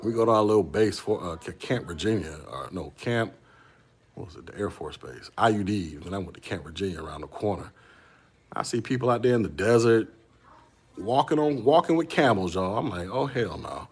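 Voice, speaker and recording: Host type: husky, low-voiced Florida guy, slangy and rambling, chatting live with viewers. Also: expressive, brisk. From Central Florida. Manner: rambling storyteller, slangy, addresses chat as y'all. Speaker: tech podcast host. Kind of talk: casual livestream chat.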